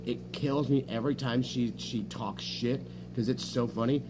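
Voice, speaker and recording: A man's voice: medium pitch, steady tone, normal speed. A man streaming a casual, rambling chat, swearing often and bragging as he jumps from story to story. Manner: profane, boastful, jumps between stories. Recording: noisy room with hum.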